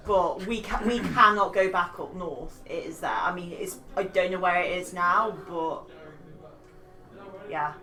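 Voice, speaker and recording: A woman playing a tabletop game, talking in an urgent, hurried way. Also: on the low side, bright, forceful tone, slight background noise. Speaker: player. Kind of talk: tabletop role-play. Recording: echoey room, far from mic.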